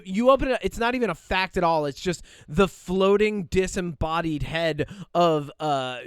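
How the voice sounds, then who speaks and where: A man's voice: a little high, clean tone, no echo, clean studio sound. A man co-hosting a podcast in casual chat, rambling and exasperated, piling up long wordy phrases. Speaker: podcast co-host.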